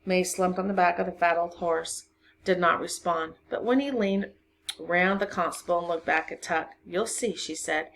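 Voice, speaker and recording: A woman reads a children's novel aloud to a class, narrating in a lowish voice. She reads expressively and sounds like a teacher talking to her students. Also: slight background noise. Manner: expressive reading, voices for each character. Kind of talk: storybook read-aloud to a class.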